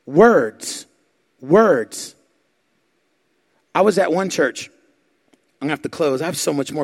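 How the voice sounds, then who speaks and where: A man preaching a sermon, telling animated stories and calling on the crowd to answer. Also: on the high side. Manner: animated, acts out quotes, asks the crowd for response. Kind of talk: sermon storytelling.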